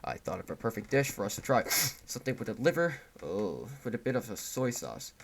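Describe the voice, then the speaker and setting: A man voicing a possessive mother who speaks softly and sweetly while threatening, reading a horror game's dialogue. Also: on the low side, sing-song, a little fast, vocal fry, pitched below the performer's own voice, heavily acted. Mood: doting. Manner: soft, doting tone over threats. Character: sweet-talking possessive mother, calmly menacing.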